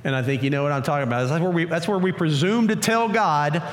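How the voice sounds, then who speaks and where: A male pastor preaching a sermon in a lively, story-acting way, recorded in a church. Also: a little high, fast talker. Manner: animated, acts out scripture stories. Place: church auditorium. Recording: long church hall reverb.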